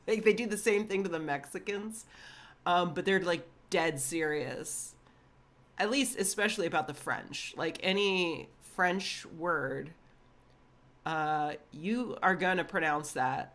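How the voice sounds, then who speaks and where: Laughing woman reacting slowly. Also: on the low side, fairly bright tone. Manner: wry, laughs often, many fillers. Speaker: video reactor. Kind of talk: casual reaction commentary.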